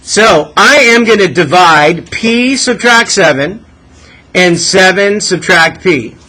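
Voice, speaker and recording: A man's voice: high voice, lively intonation, slow pace, pushed and bright, low-quality recording. A male math teacher leading a classroom lesson, coaxing students with questions and asking them to think aloud.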